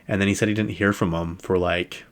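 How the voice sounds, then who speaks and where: A man's voice: deep voice, steady tone, a little fast. A man hosting a podcast, chatting casually about celebrity news in a rambling way with lots of fillers. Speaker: podcast host.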